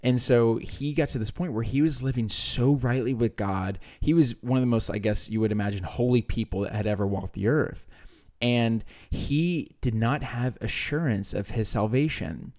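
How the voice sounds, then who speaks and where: A man's voice: medium pitch, normal speed, a little mellow. A young man co-hosting a faith podcast, talking casually and rambling with lots of fillers and restarts. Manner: rambling, hesitant, many fillers. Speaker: podcast co-host.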